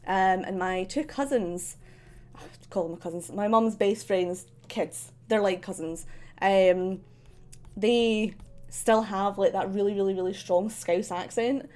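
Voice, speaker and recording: A young woman from central Scotland with a softened, slightly posh Scottish accent, chatting casually while drawing on a stream, rambling with many ums and likes and laughing often. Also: medium pitch, a little slow.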